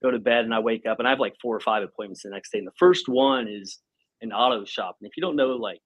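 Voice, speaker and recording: Guest in his 30s, husky mid-pitched man, animated storyteller who acts out the dialogue. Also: quick pace, dull audio. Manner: animated, acts out quoted speech, laughs often. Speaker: podcast guest, company president. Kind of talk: casual storytelling.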